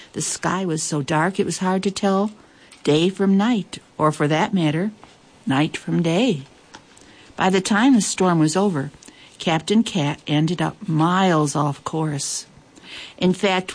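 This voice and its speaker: Woman, children's story narrator, slightly low voice, lively and expressive with playful asides.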